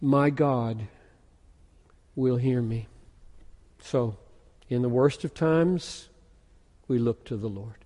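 A pastor preaching a sermon, moving from quiet musing into loud, intense emphasis. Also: male voice, medium pitch, slow, long pauses. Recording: echoey hall with long reverb.

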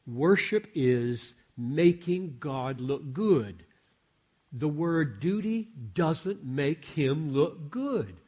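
An older American man preaching a sermon, telling a story with animated delivery and frequent self-corrections. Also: fairly high pitch, drawn-out words, slightly rough.

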